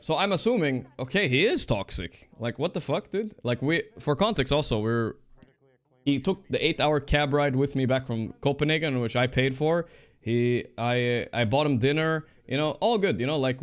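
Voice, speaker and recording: Male streamer, casual rant to chat, defensive, swearing, filler-heavy, mid-pitched voice. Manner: defensive, profane, explaining with many fillers.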